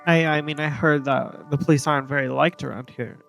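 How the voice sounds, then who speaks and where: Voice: medium pitch, steady tone, fairly quick, gravelly, soft background music. A streamer casually commenting and reading dialogue while playing a game, with chatty asides.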